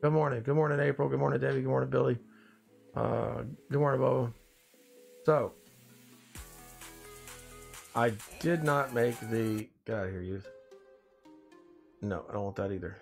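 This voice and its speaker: Tired gravelly-voiced man greeting viewers. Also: mid-range voice, faint music behind. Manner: rambling, greets viewers by name, drawn-out phrasing. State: tired, groggy after little sleep. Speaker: live stream host. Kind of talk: casual morning live stream chat.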